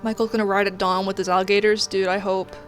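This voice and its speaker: A young woman streamer chatting casually while gaming, telling a story in an animated way and swearing often. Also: mid-range voice, quick pace, faint music behind.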